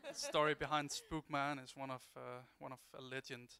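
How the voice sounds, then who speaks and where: A man's voice: medium pitch, little pitch movement, normal speed, vocal fry, a crowd in the background. A man giving a self-mocking, jokey talk on a convention panel.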